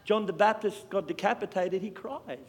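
A man preaching a sermon with passion, swinging between loud and hushed. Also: high-pitched, normal speed. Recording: long hall reverb.

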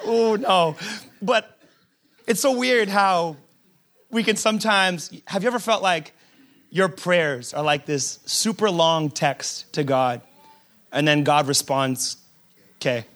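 A man who is a pastor, preaching a sermon in a lively, humorous storytelling way, acting out quotes and repeating words as he builds a point. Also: sits high, slow pace.

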